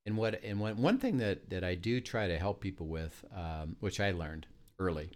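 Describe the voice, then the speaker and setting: A man's voice: deep voice, animated, moderate pace, a little mellow. A man in casual faith talk, telling stories and acting out little dialogues. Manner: storytelling, acts out dialogue.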